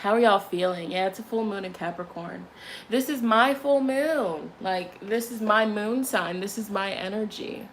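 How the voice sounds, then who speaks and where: A young woman reading tarot talks at normal speed in a mid-range voice, with slight hiss or hum in the recording. Before a candle ritual, she tells a lively story in a casual, chatty way, swearing plenty.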